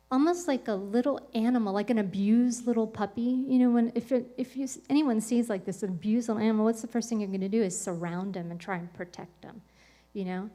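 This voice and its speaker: A woman's voice: fairly high pitch, warm tone. A woman speaking on a podcast, telling a personal story in a casual, rambling way with lots of "like" and "um". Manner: rambling, full of "like" and "um" fillers.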